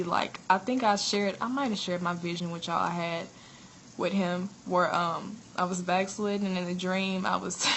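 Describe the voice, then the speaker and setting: Woman chatting about her vision of jesus, gravelly voice, laughs a lot. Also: on the low side, a bit bright, a little hiss or hum, poor audio. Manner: chatty, earnest, laughs often while retelling. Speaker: prophetess sharing a vision. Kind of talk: informal spiritual testimony.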